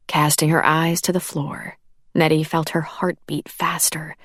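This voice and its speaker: A woman narrating an audiobook in a measured, even reading. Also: low-pitched, slightly rough, no echo, studio quality. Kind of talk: scripted narration.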